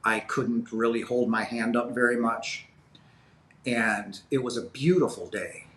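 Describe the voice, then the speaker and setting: A man's voice: medium pitch, fairly even intonation, a little slow, fairly bright tone. A man in his fifties, a guest telling a personal story in an interview, earnest and rambling with many fillers. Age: 50s. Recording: roomy echo.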